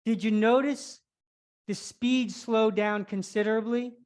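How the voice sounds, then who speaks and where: A flexibility instructor with a fairly high, somewhat mellow voice teaches a live online stretching class, cueing the movements step by step. Her tone is steady and her pace unhurried, though she's a little out of breath.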